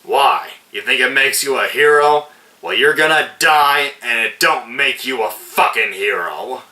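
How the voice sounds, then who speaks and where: A man voicing a murderous, mocking male outlaw villain who shouts taunts and sneers. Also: medium pitch, lively intonation, measured pace, roomy sound, far from the mic, pitched above the performer's own voice. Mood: sneering.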